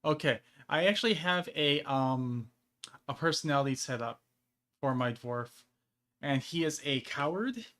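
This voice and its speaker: A man's voice: on the high side, expressive, measured pace, fairly bright tone. A man streaming a game and chatting casually, rambling with frequent laughs between phrases. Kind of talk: casual gameplay chat.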